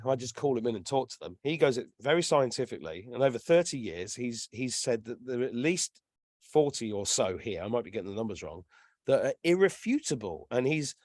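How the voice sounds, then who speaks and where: An English man in his fifties, telling stories in a casual chat as a guest, animated and swearing freely. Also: medium pitch, dry recording, studio quality. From England. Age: 50s. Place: lives in Ireland.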